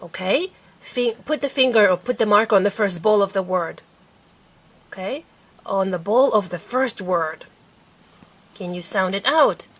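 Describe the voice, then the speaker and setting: Slow, patient mother teaching phonics. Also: medium pitch. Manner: slow, patient, sounds out words clearly. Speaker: parent teaching her child to read. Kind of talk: reading lesson with a preschooler.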